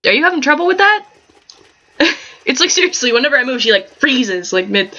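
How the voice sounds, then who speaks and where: Her voice sits high with big pitch swings, fairly quick, bright, and forceful, as this woman chats through a life-sim game for her gaming channel. She giggles a lot and wanders into rambling asides, all picked up by a dull, lo-fi home microphone.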